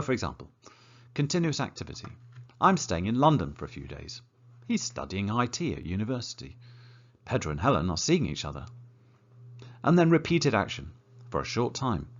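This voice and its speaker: Lively low-voiced English teacher. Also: male voice, lo-fi sound. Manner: lively and encouraging, slow and deliberate when modelling example sentences. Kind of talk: grammar lesson.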